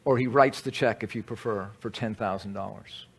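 A man's voice: on the low side, moderate pace, vocal fry, breathy edge. A man preaching a conversational sermon, teaching with asides to the audience. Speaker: pastor.

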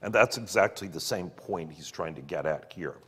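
A man reading book passages aloud and explaining them in an earnest, expressive way, with occasional fillers. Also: low-pitched, normal speed, slightly rough. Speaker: podcast co-host discussing a book. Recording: long reverb on the voice.

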